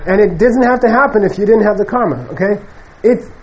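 Male Buddhist teacher, higher pitched, loose and animated lecture delivery. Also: fairly quick, dull audio, a little hiss or hum. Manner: conversational, animated, acts out quoted people. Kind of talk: casual spoken dharma lecture.

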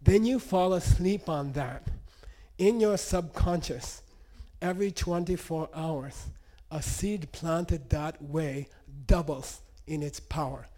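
A man's voice: a little high, takes it slowly, mellow. A man teaching meditation in a conversational storytelling way, often checking in with "okay?" and "you know.". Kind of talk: storytelling lesson.

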